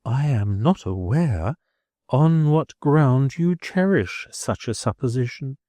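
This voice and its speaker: A man's voice: mid-range voice, animated, mellow, no echo, pitched above the performer's own voice. A man voicing a prim, genteel older schoolmistress who speaks formally and stiffly. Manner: formal, measured, stiffly polite.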